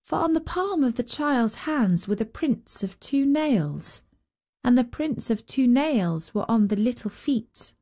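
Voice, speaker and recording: Slow, expressive woman storyteller. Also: fairly high pitch. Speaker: storyteller and host. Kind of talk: storybook narration.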